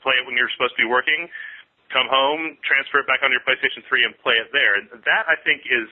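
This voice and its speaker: A man calling in to a gaming show who explains his ideas quickly and with enthusiasm. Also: mid-range voice. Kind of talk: casual call-in chat. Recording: tinny phone line.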